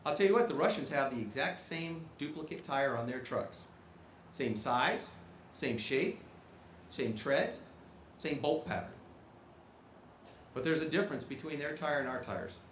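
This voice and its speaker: His voice fairly high and a bit bright, a fifties-aged Army officer gives a ceremony speech from the stage of a performing arts auditorium. The sound echoes, with slight background noise. He's emphatic and straightforward, checking in with listeners by ending points with "okay?".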